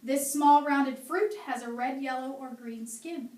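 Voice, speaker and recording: High-voiced female teacher who quizzes patiently and models each sound, recorded from a distance in an echoey classroom. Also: measured pace, darkish tone. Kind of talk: classroom phonics and handwriting lesson. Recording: echoey room, mic far off, faint hum.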